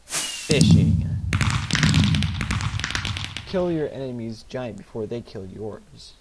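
A man's voice: medium pitch, lively intonation, moderate pace. A man giving let's play commentary at his computer, muttering and reading game words aloud as he types. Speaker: gaming channel host. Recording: loud background noise.

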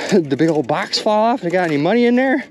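Excitable man narrating his magnet fishing. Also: high-pitched, a little fast, a little hiss or hum. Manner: excitable, exclamatory, addresses viewers directly. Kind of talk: excited on-camera commentary. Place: outdoors by water.

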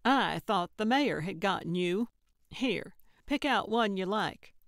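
A woman voicing a cantankerous, blunt elderly woman sleuth in an audiobook, talking loudly and indignantly. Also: mid-range voice, lively intonation, takes it slowly, dry recording, studio quality. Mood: brash. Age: older. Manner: brash, hollering, indignant. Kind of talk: audiobook character voice.

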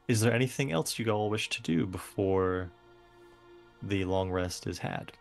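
A man's voice: fairly low pitch, animated, a little slow, creaky, soft background music. A man narrating a tabletop game as game master, casual, with lots of fillers and laughter.

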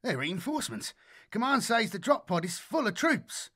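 A man doing a shrill, excitable young radio soldier. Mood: excited. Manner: shrill, excited, rushed over a comm link. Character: excitable young male vox-operator soldier.

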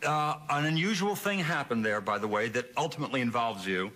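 A man appearing as a talk show guest, telling anecdotes in an animated, self-deprecating way. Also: mid-range voice, fairly quick. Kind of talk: anecdotal storytelling. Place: TV studio.

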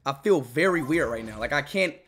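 A young man livestreaming in casual chatter, repeating himself to chat, swinging between tired mumbling and loud shouts, hungry and drained. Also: mid-range voice, expressive, brisk. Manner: repeats phrases over and over, talks to chat.

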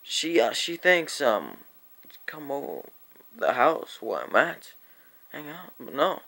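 A man retells a wild night in a casual, profane story-time monologue. His voice is bright and slightly high, his pitch swings widely, and he takes his time over each line. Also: sing-song, slow pace, gravelly. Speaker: vlogger.

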